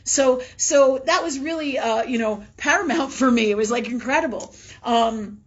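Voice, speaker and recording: A chatty woman talks candidly through a spiritual livestream, her voice husky and a little breathy. She drops curse words, checks in with "right?" and slips into laughter. The audio is dull and lo-fi, like a livestream mic. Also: sits high, moderate pace. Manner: candid and chatty, swears freely, many "right?" tags; laughs often, acts out her own past words. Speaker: host of a spiritual live talk show. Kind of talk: casual spiritual talk.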